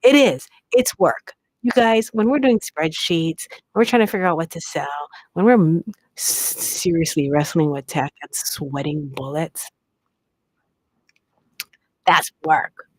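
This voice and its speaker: A woman's voice: sits low, measured pace, a little mellow, dry recording, poor audio. A middle-aged woman from Hawaii hosting a live bead shop demo, chatting, laughing and sometimes whispering. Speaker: livestream host at a bead shop.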